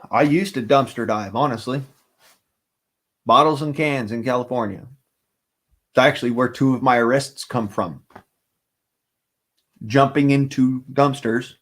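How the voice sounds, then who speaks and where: A man holds forth on his own livestream in loose, wandering talk. He swears freely and drifts between thoughts, with a voice of middling pitch. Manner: profane, rambling, swears often. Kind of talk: casual rambling livestream talk.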